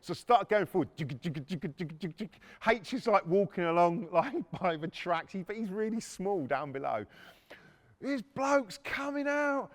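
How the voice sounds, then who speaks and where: Sweary, animated storyteller man. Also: high-pitched, measured pace. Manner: profane, animated, acts out shouting blokes and machine noises. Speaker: podcast host. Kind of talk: casual storytelling monologue.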